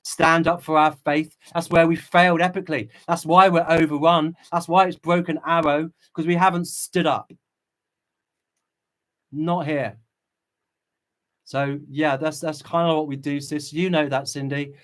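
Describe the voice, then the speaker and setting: Impassioned preachy man, fairly high voice. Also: little pitch movement, measured pace, fairly bright tone. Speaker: channel host. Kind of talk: livestream commentary reading viewer chat.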